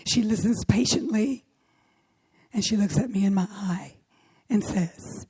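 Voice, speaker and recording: A middle-aged woman minister with a hoarse, worn voice, delivering a sermon and often dropping to a whisper for emphasis. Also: mid-range voice, unhurried, long pauses, dark tone, no echo. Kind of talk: sermon with opening prayer.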